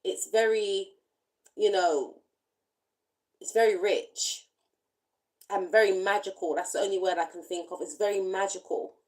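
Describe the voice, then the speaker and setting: A woman giving a spiritual tarot card reading, speaking in gentle, reflective, loosely repeating phrases. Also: medium pitch, fairly even intonation, measured pace, pauses often, rough recording. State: briefly emotional. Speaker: tarot reader.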